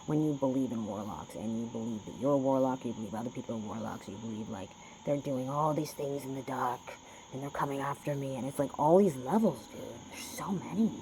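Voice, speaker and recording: A man's voice: mid-range voice, brisk, warm tone, a little hiss or hum, rough recording. A man rambling through a spiritual card reading, swearing often and lecturing his listeners. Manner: profane, preachy, talks to himself. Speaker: spiritual vlogger doing a reading.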